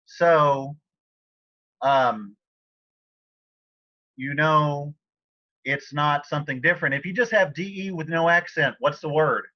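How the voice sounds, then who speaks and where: A man with a fairly high voice teaches a live online language class in a loose, chatty way. He keeps stopping to clear his throat. The sound is dull and lo-fi, like computer audio from a video call. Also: takes it slowly, long pauses. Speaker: Spanish teacher.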